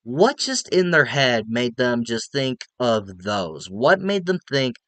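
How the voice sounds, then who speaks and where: Smooth-voiced excitable male movie reviewer. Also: mid-range voice, slow, no echo. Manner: excitable, rambling, swears freely.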